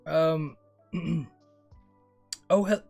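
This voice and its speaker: A man's voice: fairly high pitch, extremely slow, vocal fry, a little mellow, soft background music. A young man streaming live, chatting casually and rambling as he reads and answers viewer comments. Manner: rambling, talks straight to chat, says bro often.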